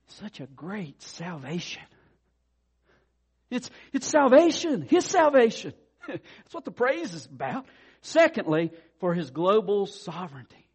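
A man preaching a sermon, swinging from quiet asides to loud declarations. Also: high voice, slightly rough. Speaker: pastor.

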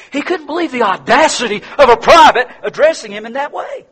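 A man's voice: very high voice, expressive, brisk, few pauses, a bit bright, husky. A male pastor preaching a sermon, earnest and repeating words as he builds his points.

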